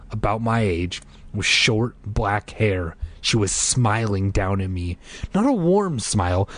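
A man reading a children's horror book aloud, expressive, with casual asides. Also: medium pitch. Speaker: reader.

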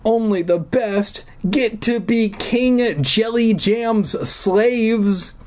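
A man's voice: sits high, very slow, darkish tone, voice pushed up. Man putting on a sobbing frightened young girl. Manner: tearful, pleading.

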